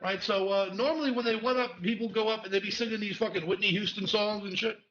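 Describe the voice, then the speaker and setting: A man telling a profane, animated story about his stand-up debut, acting out voices in the quotes. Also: high-pitched, fast talker, dull audio. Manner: acts out voices in quoted speech.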